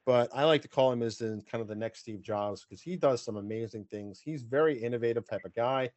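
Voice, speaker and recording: A man's voice: medium pitch, fairly quick, a little mellow, dry recording. Chatty man hosting a podcast. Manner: chatty, rambling with fillers and restarts. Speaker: podcast host. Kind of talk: casual video-call interview.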